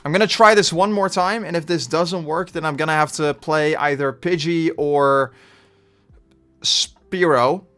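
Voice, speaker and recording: Bright-voiced Dutch man streaming. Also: on the high side, measured pace. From Netherlands. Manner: chatty, bursts of frustration, trailing off. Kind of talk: live game commentary.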